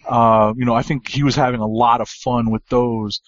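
A man's voice: medium pitch, little pitch movement, normal speed, no room sound, highs cut off. A man co-hosting a casual comic book podcast, talking with many fillers and restarts. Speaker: podcast co-host.

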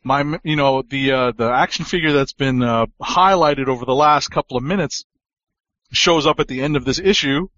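A man's voice: medium pitch, moderate pace, sharp tone, no echo, dull audio. A man co-hosting a casual comic book podcast, talking with many fillers and restarts. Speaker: podcast co-host.

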